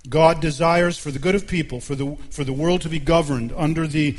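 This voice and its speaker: A male pastor delivering a sermon with emphatic, measured preaching and deliberate pauses, in a church sanctuary. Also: on the high side, fairly even intonation, long reverb tail.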